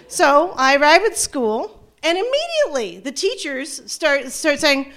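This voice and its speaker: A middle-aged woman telling a personal story to an audience, animated and self-mocking, often restarting her sentences. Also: high-pitched, a little slow, hardly any pauses. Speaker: storyteller, former teacher.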